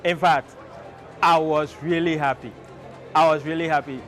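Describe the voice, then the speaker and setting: A man, a schoolteacher speaking excitedly and emphatically in an interview. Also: a little high, moderate pace, faint music behind. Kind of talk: interview answers.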